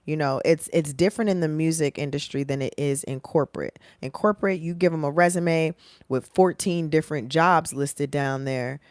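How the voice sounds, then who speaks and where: A woman in her thirties, a professional singer, giving casual, animated career advice to camera. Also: low voice, normal speed, dry recording, clean studio sound. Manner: animated, acts out dialogue in changed voices.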